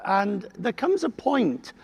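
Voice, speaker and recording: A man interviewing a guest on stage, halting and repeating words as he shapes his questions. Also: high-pitched, sing-song, creaky, breathy edge.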